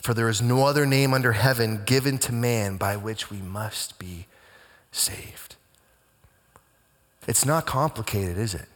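A man's voice: fairly even intonation, normal speed, few pauses. Man preaching in a reverberant hall. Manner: dramatic, swings between hushed and booming. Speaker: pastor. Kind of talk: sermon.

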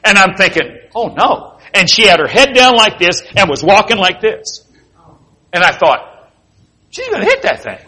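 A man preaching a sermon, telling animated, jokey stories with sound effects. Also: high voice, unhurried. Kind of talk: sermon with storytelling.

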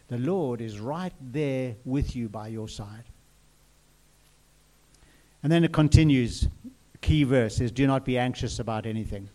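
A man preaching in an earnest, personal way. His voice is warm and mellow, at a middle pitch for a man. He often repeats his phrases and turns to the listeners with questions. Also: normal speed. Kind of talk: sermon.

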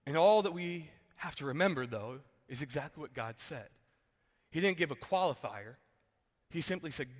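Male preacher, conversational sermon, bright and a bit high, long hall reverb. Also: lively intonation, fairly quick. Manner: conversational, often says "like" and restarts. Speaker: pastor.

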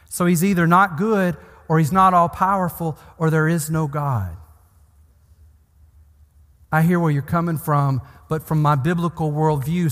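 A man preaching a sermon in an earnest, pastoral way, building emphasis through repeated phrases. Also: fairly high pitch. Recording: long hall reverb.

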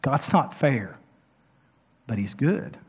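A man's voice: mid-range voice, expressive, slow pace, husky. Impassioned preacher man in a reverberant hall. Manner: impassioned preaching, building to loud emphatic peaks. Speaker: pastor. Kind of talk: sermon.

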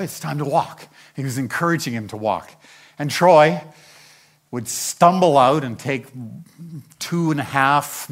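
An older man preaching a Bible-teaching sermon, telling the story with animation and acting out the characters' lines. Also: medium pitch.

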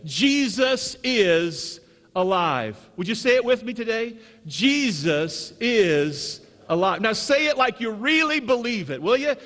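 A man with a high, bright voice preaches to his congregation, repeating key phrases and pausing for the crowd to answer amen. His sermon rings out with a long reverb, as if filling a large church sanctuary. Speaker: pastor. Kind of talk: Easter sermon.

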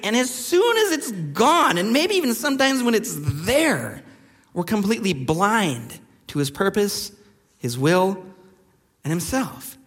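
A male pastor preaching a sermon in a relaxed, conversational way, telling stories with many fillers. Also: high-pitched, a little slow, slightly rough, long reverb tail.

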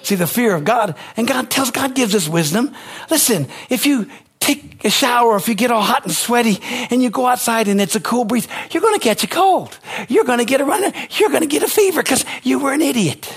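A male pastor preaching a sermon with passion, repeating phrases, swinging from loud exclamations to low, quiet asides. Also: expressive, brisk, slightly rough.

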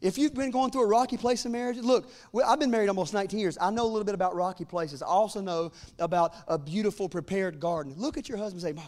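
A man in his forties delivers a church sermon in a notably high voice. He banters with the congregation and then climbs into loud, fervent declarations of faith. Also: animated, fast. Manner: humorous asides to the congregation. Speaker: pastor.

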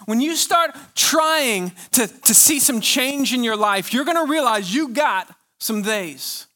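A male pastor preaching a sermon, pressing his points with rhetorical questions and drawn-out pauses. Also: very high voice, expressive, pushed and bright.

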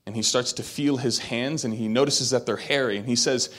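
A man's voice: medium pitch, steady tone, a little fast, fairly bright tone. A man preaching a sermon, retelling a story with acted quotes and building to emphatic peaks. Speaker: pastor.

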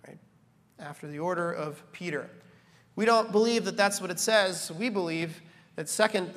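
High-voiced animated preacher in a reverberant hall. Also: male voice. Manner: animated, rising to emphatic peaks, joking asides. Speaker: pastor. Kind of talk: sermon.

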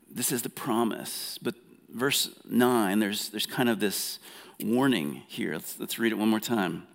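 A man preaching a sermon in an earnest, conversational way, often repeating words as he restarts and softening when he paraphrases God. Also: fairly low pitch, lively intonation, a little slow, gravelly. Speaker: pastor. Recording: long hall reverb.

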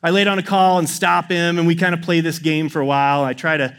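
A man preaching to a congregation, telling a personal story in a casual, animated way. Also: a little high, smooth. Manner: animated, acts out his story with quick inner quotes. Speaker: pastor. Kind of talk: sermon storytelling.

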